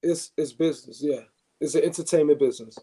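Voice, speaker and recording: A man's voice: on the high side, fast talker, mellow, breathy edge. A man hosting a live stream, chatting loosely about boxing, with many fillers and restarts.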